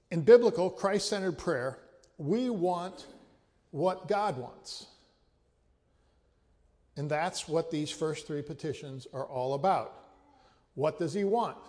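A man's voice: fairly high pitch, darkish tone, long reverb tail. A man preaching a sermon, teaching carefully and often restarting or repeating a word before going on. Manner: measured teaching, with frequent restarts and repeated words. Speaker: pastor.

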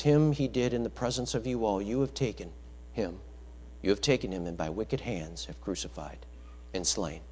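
A man preaching a sermon, emphatic, swinging between loud declarations and quiet low asides.

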